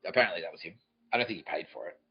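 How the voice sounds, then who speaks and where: A man's voice: low-pitched, animated, racing, slightly rough, muffled recording, faint music behind. A man hosting a podcast, telling a rambling, profane comic story and mimicking people's voices. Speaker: podcast host. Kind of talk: comedic storytelling monologue.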